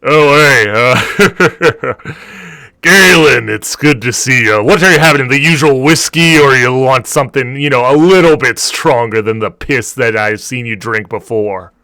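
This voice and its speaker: A man's voice: medium pitch, unhurried, pushed and bright, no echo, clean studio sound. A man voicing a boastful, teasing male orc bartender in a tabletop game. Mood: jovial.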